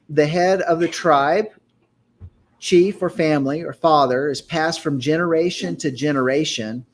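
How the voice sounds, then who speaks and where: Leading a group discussion of the Torah, a man with a somewhat high voice walks through scripture and pronounces Hebrew words slowly, like a teacher.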